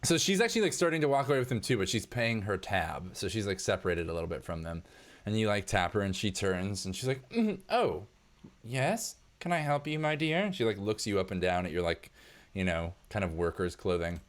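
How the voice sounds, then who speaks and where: A man's voice: deep voice, fast. A man narrating as game master in a loose, casual way, full of fillers.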